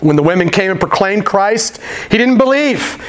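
A male pastor delivering a sermon in a loose, slangy voice that sits a little high. He tells his stories with animated energy and talks to the crowd like friends. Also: normal speed. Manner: casual, slangy, animated storytelling.

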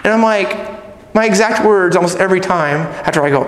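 Middle-aged male pastor, animated sermon delivery, very high pitch, long room reverb. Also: moderate pace. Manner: animated, acts out people and God in quoted voices. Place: church sanctuary. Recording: echoey hall with long reverb.

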